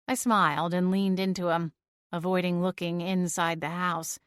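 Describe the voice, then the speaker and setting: A woman reading a first-person story in a steady, measured storytelling voice. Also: lowish voice, clean tone, no echo, studio quality. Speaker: audiobook narrator. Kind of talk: first-person scripted narration.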